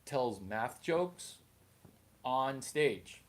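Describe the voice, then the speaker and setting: A man, a stand-up comedian, rambling through a comedic monologue in an animated, jumpy way. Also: medium pitch, extremely slow.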